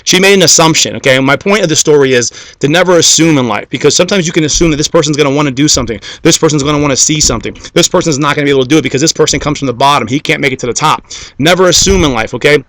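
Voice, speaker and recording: A man delivers a rapid-fire motivational talk, fairly high-pitched for a man. He preaches to the crowd in repeated parallel phrases and keeps tossing in "okay?" to check they're with him. The sound is dry and close, with almost no room around it. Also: a bit bright, no room sound. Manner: repetitive, builds lists of parallel phrases. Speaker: motivational speaker.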